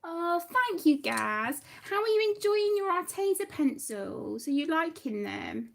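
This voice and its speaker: High, slow, creaky woman. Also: big pitch swings, a little hiss or hum. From United Kingdom. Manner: flustered, talks to herself while working, calls viewers sweetheart. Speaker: livestream host. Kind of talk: chatty craft livestream.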